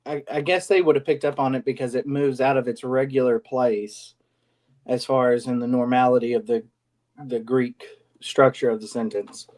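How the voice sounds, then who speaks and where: A man's voice: medium pitch, fairly even intonation, moderate pace, darkish tone. A male student thinking aloud in a class discussion, rambling and restarting his sentences.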